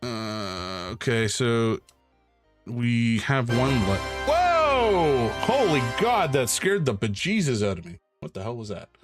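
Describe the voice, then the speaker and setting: A man hosting a charity live stream, chatting casually while he draws and thanking donors in an excitable, joking way. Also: medium pitch, unhurried, music in the background.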